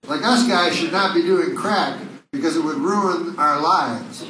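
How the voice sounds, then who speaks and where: A man doing stand-up comedy, deadpan and rambling, with hesitant fillers. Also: fairly high pitch, unhurried, noisy background. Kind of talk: stand-up routine. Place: comedy club. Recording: bootleg club recording from far off, echoey with loud crowd. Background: audience laughter.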